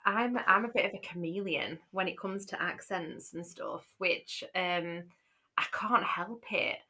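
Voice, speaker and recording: Bright-voiced woman with a light Yorkshire accent. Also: lowish voice, lively intonation, measured pace. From Yorkshire, England. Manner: chatty, rambling with fillers and restarts. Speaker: podcast co-host. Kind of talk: casual chat.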